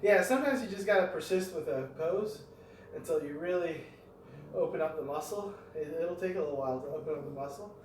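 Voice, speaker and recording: A man's voice: on the high side, brisk, darkish tone, slight background noise. A middle-aged man vlogging his home workout, rambling and thinking aloud as he goes. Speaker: fitness vlogger. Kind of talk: talking through a home workout. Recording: echoey room, mic at a distance.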